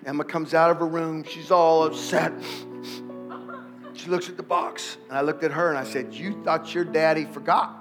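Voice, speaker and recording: A middle-aged male pastor preaching a sermon, telling a family story with animated delivery and building to shouted exhortation before a congregation. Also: a little high, moderate pace, over music. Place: church sanctuary before a congregation.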